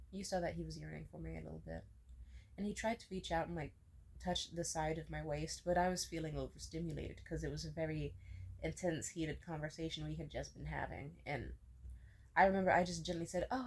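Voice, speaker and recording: A woman's voice: low-pitched, creaky, a little mellow. A young woman vlogger venting in an emotional personal rant, questioning herself aloud and swearing.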